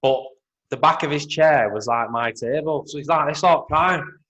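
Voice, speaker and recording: A man's voice: a little high, normal speed, a bit bright, lo-fi sound. A man co-hosting a podcast, trading blunt, sweary banter in casual chat. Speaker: podcast co-host.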